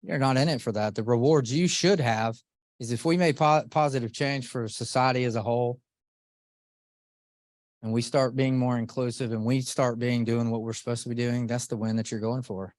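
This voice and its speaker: A man's voice: medium pitch, moderate pace, no echo. Earnest man rallying a room. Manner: earnest, animated, addresses audience directly with questions. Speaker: motivational speaker. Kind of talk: motivational talk to a live group.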